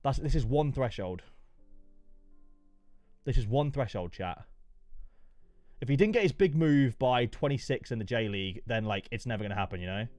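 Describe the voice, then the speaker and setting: A young man casually chatting to his live stream chat, excitable, going from mumbles to yelps. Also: medium pitch, moderate pace, long pauses, dry recording, soft background music. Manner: excitable, swings between mumbling and yelping.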